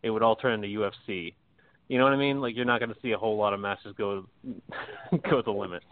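This man's voice is fairly low and quick, with no echo, coming through a tinny phone-like line. He chats casually and bluntly, laughing a lot and cursing freely while pushing his views.

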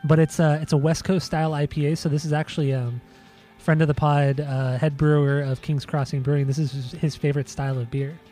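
A man's voice: on the high side, flat delivery, brisk, mellow, soft background music. A man co-hosting a podcast, chatting casually and laid-back, swearing and teasing as he talks. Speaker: podcast co-host. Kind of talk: casual chat.

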